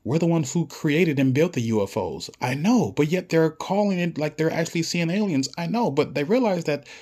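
A man's voice: fairly high pitch, expressive, normal speed, darkish tone, breathy edge, pitched above the performer's own voice. A man voicing smug government insiders who laugh at how gullible people are. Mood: mocking. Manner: sneering, scornful laughter.

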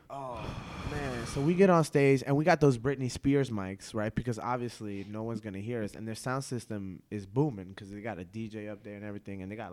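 A man, a comedian guest on a podcast, telling a story in casual slang, animated and laughing often. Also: lowish voice.

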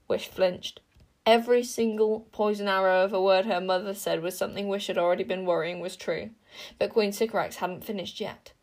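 A woman narrating a children's fantasy book aloud, lively and expressive, with chatty asides to the listener. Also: mid-range voice, fairly quick. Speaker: audiobook reader. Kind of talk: storybook narration.

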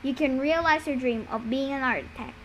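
Scheming young villain guy, coaxing and smooth, high voice, woman reading him. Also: fairly quick, a bit bright, highs cut off, slight background noise. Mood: persuasive. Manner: coaxing, persuasive.

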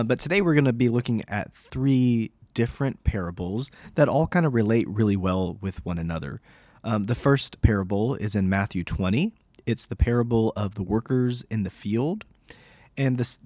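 A young man with a hoarse voice, hosting a solo podcast that teaches on scripture in an earnest, explanatory way. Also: on the low side, a little mellow, dry recording. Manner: earnest, explanatory, with some fillers. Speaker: podcast host.

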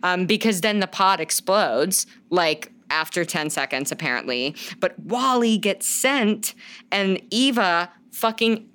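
A woman's voice: fairly low pitch, lively intonation, measured pace, fairly bright tone. A woman co-hosting a podcast in casual chat, gushing and swearing freely, often laughing as she talks. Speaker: podcast co-host.

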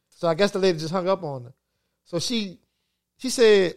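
A man with a noticeably high speaking voice co-hosts a relaxed podcast conversation. He tells his stories with plenty of energy, swears freely and breaks into laughter as he goes. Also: a little fast. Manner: animated storytelling, profane, laughs often. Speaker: podcast co-host. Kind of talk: casual chat.

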